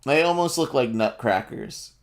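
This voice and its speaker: A man's voice: mid-range voice, expressive. A man narrating as game master of a tabletop game, rambling and laughing through his descriptions. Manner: slow, rambling descriptions with many fillers and laughs.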